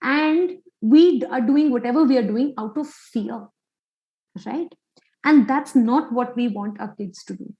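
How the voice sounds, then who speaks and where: A woman's voice: on the high side, unhurried, echoey room, lo-fi sound. A woman psychologist giving an online parenting workshop, quizzing listeners with many questions.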